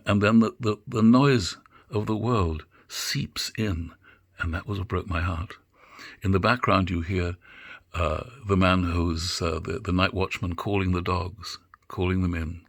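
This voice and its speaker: An older man giving an unscripted lecture on drama, musing and halting, with many fillers and restarts. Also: low-pitched, no echo, clean studio sound.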